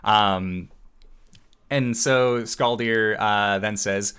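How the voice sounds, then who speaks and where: A man narrating a tabletop game as game master, his voice sitting fairly low. He talks slowly and stops often to fill gaps with filler sounds. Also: a bit bright, smooth. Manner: halting, many filler sounds.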